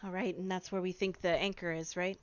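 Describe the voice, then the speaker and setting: A woman playing a tabletop game in casual chat, brisk and decisive as she directs the group. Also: lowish voice, little pitch movement, dull audio. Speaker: player.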